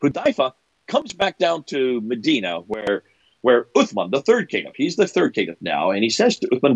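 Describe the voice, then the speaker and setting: A middle-aged man holds forth as a guest, his pitch leaping up and down as he builds his case. His voice has a light husky edge, and the sound is dry and close. He keeps asking, half incredulous, whether you are following. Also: huge pitch swings, moderate pace, dry recording, dull audio. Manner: incredulous, asks if listener follows. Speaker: guest speaker. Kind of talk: animated explanatory talk.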